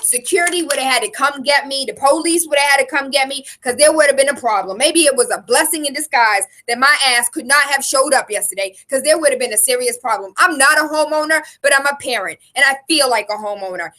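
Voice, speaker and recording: A woman's voice: high voice, bright, forceful tone. A young woman delivering a fiery, emotional rant straight to her viewers, emphatic and profane as she speaks out as a local activist. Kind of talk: impassioned direct-to-camera rant.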